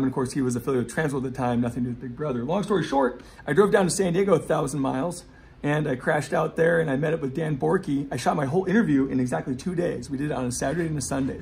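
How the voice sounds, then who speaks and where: A man's voice: medium pitch, a little mellow. A man in his forties, a skateboarder and skate shop owner, telling rambling, profane stories in a casual way. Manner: rapid, profane, rambling anecdotes with many asides. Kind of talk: casual storytelling.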